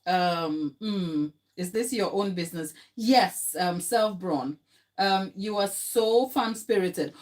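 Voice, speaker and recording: Young woman baker on a live stream, slow easygoing talk, chatty, laughs a lot, bit tired. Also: mid-range voice. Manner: chatty and emotional, laughing often, talking to the chat. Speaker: baker hosting a livestream. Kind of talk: live baking tutorial chat.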